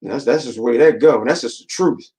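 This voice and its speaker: A man's voice: mid-range voice, fast talker, warm tone, rough recording. A young man talking casually on a podcast, slangy and emphatic, often repeating himself as he makes his point. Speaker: podcast co-host.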